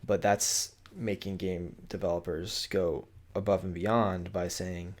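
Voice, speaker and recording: A young man co-hosting a gaming podcast in casual chat, relaxed and agreeable, often repeating himself. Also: low voice, unhurried, hardly any pauses. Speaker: podcast co-host.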